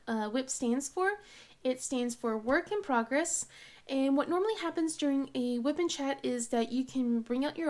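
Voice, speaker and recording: A woman's voice: high-pitched, a little mellow. A woman hosting a craft channel in a casual rambling chat, sounding congested. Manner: rambling, many fillers and restarts.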